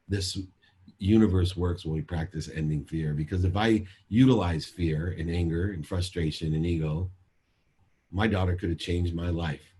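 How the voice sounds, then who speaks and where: A man's voice: low voice, a little mellow, slightly rough. A man speaking as a motivational speaker at a sales seminar, emphatic and repetitive in a preachy way.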